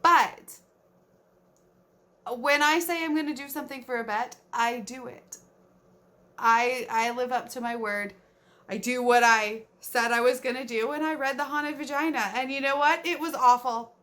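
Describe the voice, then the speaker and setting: A woman's voice: high-pitched, steady tone, moderate pace, a bit bright. A woman book vlogger recapping a novel in casual chat, blunt and incredulous, swearing freely.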